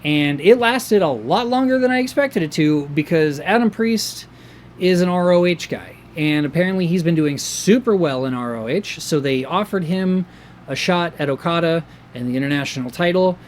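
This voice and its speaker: A man reviewing a wrestling show in casual chat, excitable and rambling, with many fillers and restarts. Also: fairly high pitch, moderate pace, a little hiss or hum.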